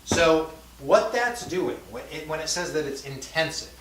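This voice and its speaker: A man's voice: on the high side, lively intonation, a little slow, fairly bright tone. A man teaching a language class in a conversational lecture style, often adding fillers and checking in with his students. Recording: echoey classroom from far off, faint hiss.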